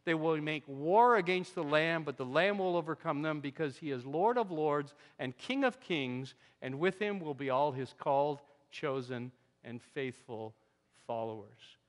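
A man preaching a sermon in a church, animated and conversational, his voice swinging from loud emphasis to quiet asides. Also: on the high side, unhurried. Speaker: pastor. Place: church sanctuary. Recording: long hall reverb.

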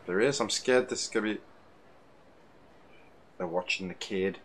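A man commentating casually on a video game he plays, crude and jokey, swearing often and breaking into loud outbursts. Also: lowish voice, moderate pace, slight background noise. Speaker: let's play gamer.

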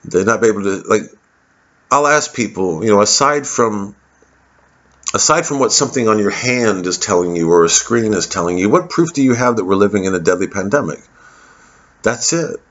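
A man's voice: lowish voice, expressive, normal speed, fairly bright tone. A male comedian delivering a rambling, sardonic monologue, cursing freely and drifting from topic to topic. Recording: dull lo-fi recording.

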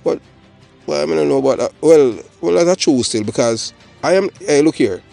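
A man's voice: on the high side, lively intonation, normal speed, vocal fry, warm tone, soft background music. Jamaican man rambling in emphatic commentary. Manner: rambling, emphatic, mixes patois and English. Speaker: channel host. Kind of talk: solo commentary monologue.

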